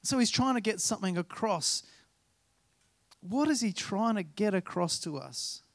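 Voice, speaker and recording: A man's voice: high-pitched, lively intonation, unhurried, no room sound. A man in his thirties, a pastor preaching a sermon in a chatty, self-deprecating way, acting out bits of dialogue as he tells stories. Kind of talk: sermon with personal storytelling.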